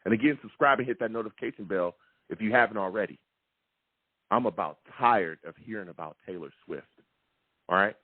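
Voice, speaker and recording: Heated guy running a sports call-in show, husky voice, tinny phone sound. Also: fairly low pitch, a little fast, dry recording. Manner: fired-up, ranting, repetitive.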